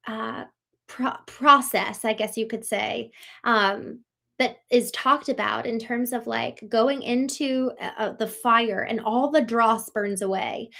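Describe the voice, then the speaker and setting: A woman from Maryland hosts a live show with a somewhat high voice. She reads and answers chat comments in a warm, effusive way, circling back through fillers and restarts as she thinks aloud. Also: creaky.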